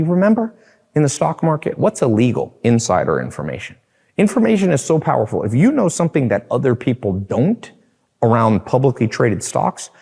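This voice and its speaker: A man with a gravelly, creaky voice delivers an emphatic sales pitch straight to the listener and keeps repeating his points to drive them home. His voice trails off into a long reverb, as if he were in a large, echoing room. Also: a little mellow. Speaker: online course marketer. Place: large house at night.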